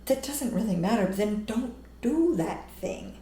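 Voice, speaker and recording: A woman's voice: a little high, animated, a little slow, warm tone. A woman, co-hosting a casual chat, telling stories in a blunt, wry way. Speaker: podcast co-host. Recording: echoey room.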